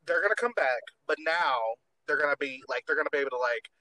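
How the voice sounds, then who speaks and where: A man's voice: on the high side, quick pace, bright, forceful tone, low-quality recording. A man hosting a podcast in casual chat, campy and gossipy, swearing freely. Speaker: podcast host.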